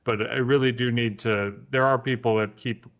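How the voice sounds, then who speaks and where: A man's voice: medium pitch, fairly even intonation, moderate pace, a bit bright, dull audio. A man hosting a casual podcast interview, hesitant and self-deprecating, with stumbling restarts. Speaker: podcast host. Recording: roomy echoey room sound.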